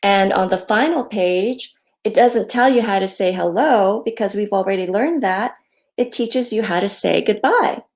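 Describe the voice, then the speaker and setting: A woman reading her picture book aloud to children, in a gentle, friendly storytime manner with many pauses and ums. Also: medium pitch.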